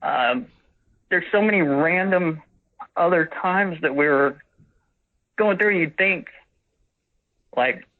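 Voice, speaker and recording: Caller, man, forties, somewhat high voice, rambling storyteller, thin phone-line sound. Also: slow pace, long pauses. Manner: rambling, acts out quoted dialogue. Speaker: witness caller.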